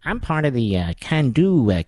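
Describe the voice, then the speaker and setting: A man's voice: medium pitch, big pitch swings, moderate pace, darkish tone, no room sound. A man voicing a smug male congressman who talks in a smarmy, mock-humble, rambling way. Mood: self-satisfied.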